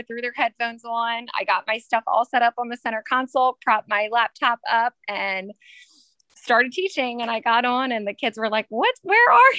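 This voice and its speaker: A woman in her thirties with a bright voice and dry, close sound, telling her story as an interview guest. She chats loosely, with plenty of "um" and "like". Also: on the high side, no room sound. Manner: chatty, many fillers, laughs while telling. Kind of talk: casual storytelling.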